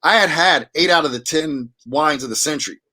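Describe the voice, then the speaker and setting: A wine auctioneer appearing as a guest in a casual interview tells rambling stories full of restarts and fillers. His voice is a little high and bright, slightly fast, with a forceful tone.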